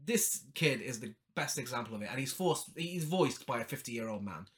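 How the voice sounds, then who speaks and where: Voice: medium pitch, animated, moderate pace. A person co-hosting a casual film chat, laughing often and swearing freely. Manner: giggly, sweary, frequent laughter. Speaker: podcast co-host.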